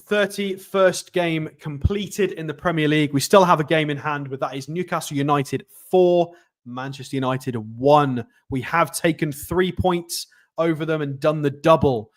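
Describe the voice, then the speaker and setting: A man hosting a live football watchalong, chatty and excitable, reading out and thanking viewer messages. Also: on the high side, moderate pace. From North East England. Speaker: football channel host. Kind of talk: live match watchalong commentary.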